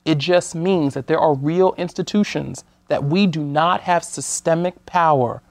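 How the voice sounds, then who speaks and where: A woman from the United States speaking as a guest on an interview show, measured and earnest, sometimes restarting her sentences. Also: low-pitched, a little mellow, no room sound. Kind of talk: conversational talk-show interview.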